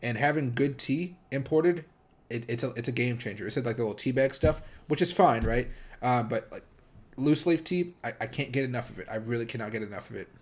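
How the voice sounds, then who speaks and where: A man's voice: mid-range voice, a little fast. A man hosting a livestream, chatting casually with viewers in a rambling way full of filler words. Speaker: livestream host.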